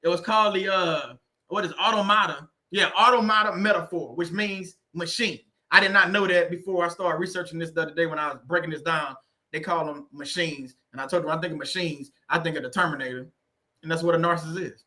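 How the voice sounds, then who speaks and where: Guy on a livestream, high bright voice, laughs a lot, reads comments out. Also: steady tone, fairly quick. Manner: laughs often, reads chat comments aloud. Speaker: livestream host. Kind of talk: casual livestream chat.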